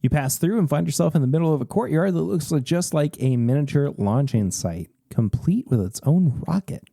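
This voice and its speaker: A man hosting a podcast, reading a gamebook aloud in a lively, expressive way. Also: fairly high pitch, a little fast, vocal fry, no room sound. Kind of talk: animated story reading.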